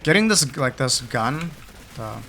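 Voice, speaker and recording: A man's voice: medium pitch, very animated, unhurried, pushed and bright, soft background music. Slangy young man chatting over gameplay. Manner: slangy storytelling with many fillers; muttering game commentary. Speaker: gaming channel host. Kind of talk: casual chat while playing a game.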